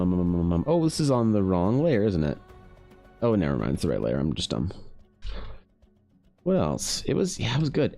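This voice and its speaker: A man with a lowish voice talks loosely to his stream viewers while he works on a drawing. He rambles, restarts his sentences and swears freely, and faint music plays under him. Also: warm tone. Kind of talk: casual chat with stream viewers.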